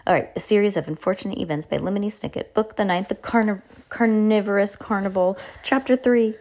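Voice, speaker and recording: A woman's voice: mid-range voice, a little fast, a little mellow. Casual woman reading a children's book aloud. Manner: reads plainly with small slips and self-corrections.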